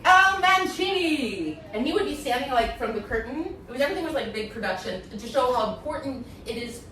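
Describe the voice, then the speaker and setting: A woman's voice: on the high side, fast. Woman telling a story on a podcast, lots of "like"s, doing little voices, sounds kinda far from the mic. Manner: animated, acts out others' voices, many fillers. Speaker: interview guest, former acting student. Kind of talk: candid storytelling in conversation. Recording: echoey room, voice from a distance.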